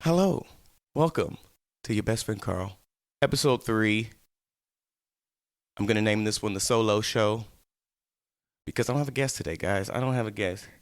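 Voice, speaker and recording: A man's voice: fairly low pitch, moderate pace, pauses often, no room sound, studio quality. A man hosting his own web show alone, talking straight to viewers in a playful, rambling way. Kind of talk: casual solo talk-show monologue.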